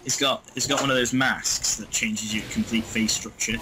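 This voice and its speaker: A man's voice: medium pitch, steady tone, normal speed, noisy background. A young man from England bantering playfully while gaming with a friend. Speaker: co-player. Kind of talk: casual gaming chat.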